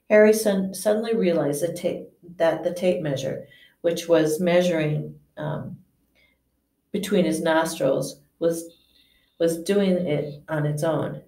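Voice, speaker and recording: A woman's voice: low voice, gravelly, warm tone. A woman, a teacher, reading a novel aloud in an unpolished way, with frequent slips and restarts. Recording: echoey room, distant mic.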